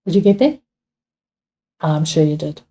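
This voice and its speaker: A woman teacher with a South African accent works through exam questions in a patient, unhurried way, often repeating her main points. Her voice is mellow and warm, and she speaks slowly. She keeps checking with her students as she goes. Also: deep voice, animated. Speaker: English teacher. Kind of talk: exam revision lesson.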